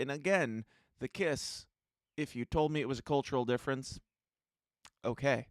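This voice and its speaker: A male podcast co-host in casual news commentary, blunt, exasperated and emphatic. His voice is mid-pitched for a man. The sound is dry and close-miked. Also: normal speed, pauses often, dry recording.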